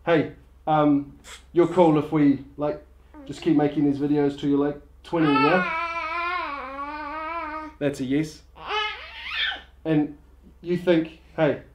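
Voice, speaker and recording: A man's voice: fairly high pitch, darkish tone, reverberant, dull audio, a little hiss or hum. A man, a father talking in a joking home video with a dry, mock-instructional manner.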